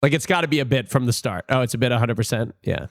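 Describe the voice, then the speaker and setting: A man streaming and reacting to clips, chatty and thinking out loud. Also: medium pitch, fast talker, no room sound, studio quality. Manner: chatty, animated, wondering aloud. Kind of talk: casual live-stream commentary.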